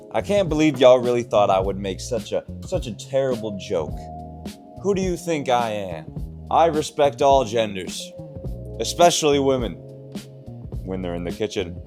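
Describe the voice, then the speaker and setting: A young man with a fairly low voice vlogs straight to camera about his training, teasing himself and breaking into laughs. Soft music plays faintly beneath him. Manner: self-mocking, joking, laughs often. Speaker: fitness vlogger. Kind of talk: casual self-filmed vlog.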